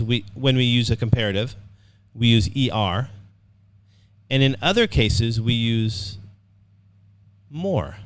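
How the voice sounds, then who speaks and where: A man's voice: medium pitch, dry recording. Upbeat man teaching an online class. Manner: upbeat, repeats words, checks in with "okay". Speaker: English writing teacher.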